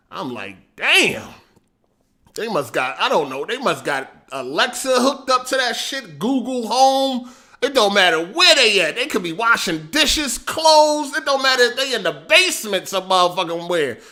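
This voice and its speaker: A man hosting a casual livestream, animated and slangy, laughing often and swearing freely. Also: fairly high pitch. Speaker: livestream host.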